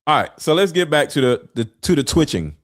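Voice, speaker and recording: A man doing casual, blunt reaction commentary as a streamer, full of slang and loud laughing outbursts. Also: a little high, big pitch swings, fairly quick, dry recording, clean studio sound.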